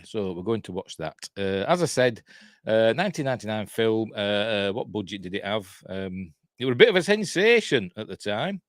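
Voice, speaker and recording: A man's voice: lowish voice, dry recording, studio quality. A man with a Yorkshire accent hosting a casual livestream, rambling and self-deprecating as he chats to viewers from home. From Yorkshire, England. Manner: chatty, rambling, self-deprecating, reads chat aloud. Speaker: host.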